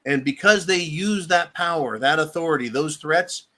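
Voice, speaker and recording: A man's voice: a little high, normal speed, pushed and bright. Angry man ranting profanely. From United States. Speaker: political commentary host reading viewer comments. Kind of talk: livestream political rant.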